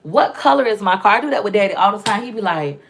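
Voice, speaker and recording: A woman's voice: mid-range voice, fast. Blunt, profane woman vlogger. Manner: blunt, profane, animated storytelling. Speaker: vlog host reading comments. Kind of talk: casual live chat.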